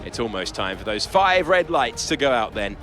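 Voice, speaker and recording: Brief: polished TV race announcer in a game, animated pitch, scripted, loud music bed behind. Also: male voice, normal speed. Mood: upbeat. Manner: upbeat announcer delivery. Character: polished male TV race commentator. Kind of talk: scripted broadcast commentary.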